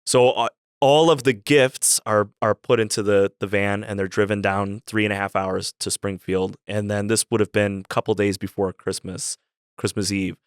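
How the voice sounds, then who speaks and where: A man telling a long childhood story on a podcast in a rambling, halting way, full of "like" fillers. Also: lowish voice, steady tone, clean tone, no echo, clean studio sound. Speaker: guest storyteller.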